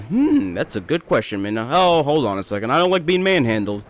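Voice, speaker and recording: A young man hosts a let's play, casually commentating his gameplay as he rambles, jokes and talks to the characters on screen. His voice is medium-pitched with big pitch swings, and he speaks briskly.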